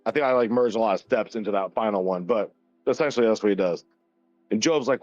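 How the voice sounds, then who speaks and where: A man's voice: lowish voice, fairly quick, long pauses, no echo, faint music behind. Profane, laughing man telling a story. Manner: swears constantly, laughs often, retells Bible story loosely. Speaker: podcast co-host. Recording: dull, dry, lo-fi sound.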